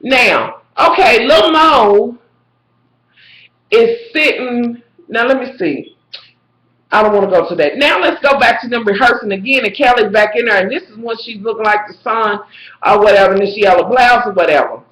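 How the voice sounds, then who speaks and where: A woman in a casual vlog, reviewing a reality show with sassy, profane, animated rants and frequent shouting. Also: fairly high pitch, moderate pace. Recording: echoey room.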